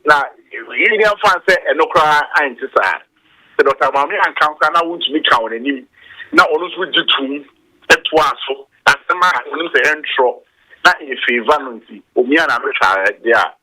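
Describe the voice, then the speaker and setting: A man calling into a talk show over the phone, speaking haltingly and rambling. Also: fairly high pitch, animated, pushed and bright. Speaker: caller. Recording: phone line.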